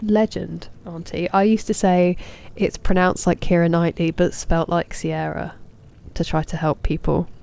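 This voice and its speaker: A woman in her thirties streams a game and chats easily with her viewers, now and then muttering softly to herself. Her voice sits low with a gravelly fry. Its tone is dark and mellow. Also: flat delivery, a little slow, few pauses. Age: 30s. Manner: chatty, reads and answers chat, mutters softly to herself. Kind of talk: casual live-stream chat while gaming.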